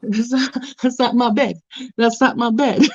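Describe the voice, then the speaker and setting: A young woman in casual chat, giggly and swearing freely, with a drawn-out way of talking. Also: on the high side, fairly even intonation, no room sound, dull audio.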